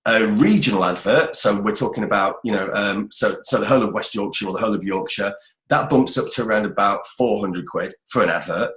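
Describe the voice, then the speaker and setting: A man's voice: lowish voice, a little fast, fairly bright tone. A middle-aged British man giving voice-over career advice in a casual, chatty interview, often restarting phrases. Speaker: voice-over expert guest. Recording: roomy echoey sound.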